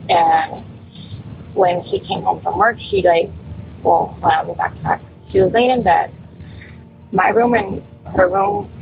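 A woman's voice: on the low side, creaky, background noise. Woman caller on a tinny phone line. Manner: rambling, many fillers like "like" and "um". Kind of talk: casual phone-in storytelling.

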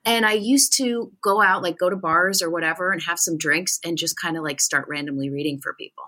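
Young adult woman medium, podcast guest. Bright, forceful tone, chatty and animated, acts out the voices in her stories. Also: on the low side, brisk. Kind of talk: casual podcast storytelling.

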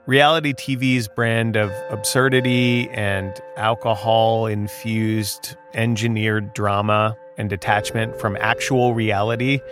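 A man co-hosting a podcast, narrating a script with measured, pointed commentary. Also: on the low side. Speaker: podcast co-host.

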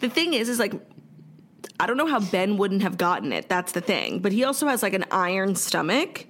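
Young woman, podcast co-host, casual chat, lots of fillers, middling pitch, recovering from a stomach bug. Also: big pitch swings, a little fast, fairly bright tone. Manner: chatty, many fillers, swears freely.

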